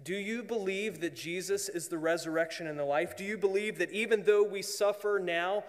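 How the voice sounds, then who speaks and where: A man preaching a sermon as pastor, earnest, often dropping to a hushed voice for emphasis. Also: sits high, moderate pace, big-room sound.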